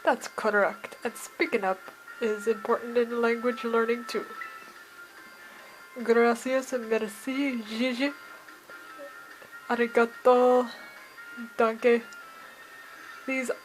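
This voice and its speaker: Brief: jovial male language teacher, theatrical, foreign words sprinkled in, read by a woman, fairly high, slow delivery. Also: level tone, faint music behind, low-quality recording. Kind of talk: reading game dialogue aloud.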